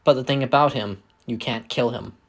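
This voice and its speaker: A man's voice: medium pitch, moderate pace, gravelly. A man voicing a young woman who leads a heist crew, fond but exasperated. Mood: wary.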